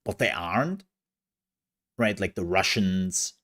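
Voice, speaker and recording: A man's voice: low voice, expressive, slow, a bit bright. A man streaming, chatting casually with viewers in a rambling, self-mocking way. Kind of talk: casual live-stream chat.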